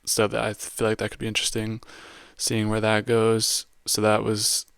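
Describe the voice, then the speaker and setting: A man's voice: fairly low pitch, monotone, moderate pace, vocal fry, fairly bright tone, clear, resonant tone, no echo. A man hosting a podcast, giving a casual, slangy movie review monologue full of "like". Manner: casual, heavy use of "like" and slang. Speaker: podcast host reviewing a film.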